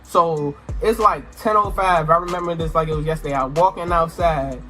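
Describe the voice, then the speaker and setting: A young man with a high voice spins a wild personal story, animated and loose, full of slang and sudden exclamations. His tone is bright and sharp, and faint music plays underneath. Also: normal speed. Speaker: storytime vlogger. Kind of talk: casual storytelling to camera. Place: indoor room, sit-down recording.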